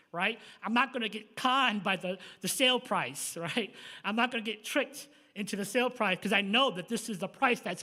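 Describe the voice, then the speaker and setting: A man's voice: very high voice, pushed and bright. A young man preaching a sermon in a casual storytelling way, full of fillers and "right?" tag questions, recorded in a church sanctuary. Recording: long reverb of a church hall.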